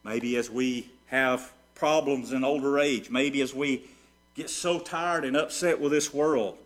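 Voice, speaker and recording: A man preaching a sermon, moving from hushed storytelling to ringing rhetorical questions that he answers himself. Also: mid-range voice, measured pace. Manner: preaching with sweeping swings between soft and loud. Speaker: pastor.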